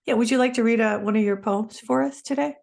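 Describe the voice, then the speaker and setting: A woman's voice: a little high, quick pace, creaky, a little mellow. A woman hosting a podcast interview, chatty and affirming as she asks her guest questions. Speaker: podcast host. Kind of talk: casual interview chat.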